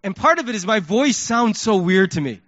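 A male pastor preaching a sermon, telling a story in an animated way and acting out his own reactions. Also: high-pitched, normal speed, dry recording, highs cut off.

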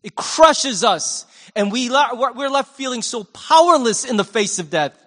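A man preaching a sermon in a church, conversational and animated, swinging between loud and hushed. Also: very high voice, a little slow, in a large hall. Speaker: pastor.

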